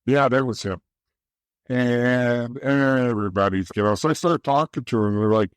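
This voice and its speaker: A man from the East Coast talks through his past as an interview guest, blunt and salty, often doubling back mid-sentence. His voice sits at an ordinary middle pitch, and the sound is dry and close. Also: moderate pace, clean tone, no room sound. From East Coast of the United States. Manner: blunt and profane, restarts often. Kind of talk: candid storytelling.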